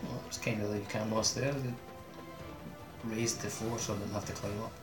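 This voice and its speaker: A man with a lowish, husky voice gives dry, low-key remarks during a gaming session. He speaks flatly, with music softly behind. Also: fairly quick. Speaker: podcast host. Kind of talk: casual gaming chat.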